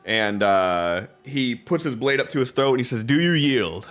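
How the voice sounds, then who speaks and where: A man narrates a tabletop game as its game master, describing the scene in a laid-back, filler-heavy way full of ums and uhs. His voice is mid-range and fairly bright, at a moderate pace, with soft music in the background.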